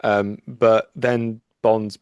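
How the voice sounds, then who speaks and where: A man in his thirties from Dudley trades dry jokes as co-host of a gaming podcast. His voice sits fairly low. The recording is dry, with no room echo. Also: little pitch movement, drawn-out words, smooth, highs cut off. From Dudley, England. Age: 30s. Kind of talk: casual gaming podcast chat.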